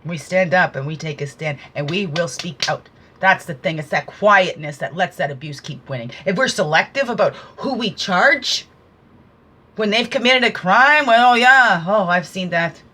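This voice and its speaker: A woman's voice: fairly low pitch, lively intonation, normal speed, background noise. A woman talking through an oracle card reading, giving casual, earnest spiritual guidance with preachy asides.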